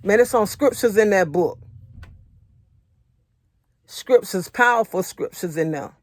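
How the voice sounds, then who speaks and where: In a mid-range, animated voice at a measured pace, a married adult woman delivers an encouraging talk about faith, captured in a dry recording. She preaches conversationally, repeating her points with earnestness and telling her personal testimony in casual vernacular.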